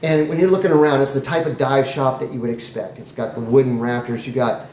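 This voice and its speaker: A man improvising a comic story in a rambling, animated way with jokey asides. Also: medium pitch, brisk. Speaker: comedy storyteller. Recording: echoey room, faint noise.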